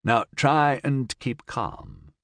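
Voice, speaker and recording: A man voicing a calm, soothing gentleman. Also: medium pitch, very slow, gravelly, no room sound, studio quality, voice pushed up, exaggerated voice. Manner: soft-spoken, soothing, reassuring. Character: calm, kind grown man, patient and gently amused.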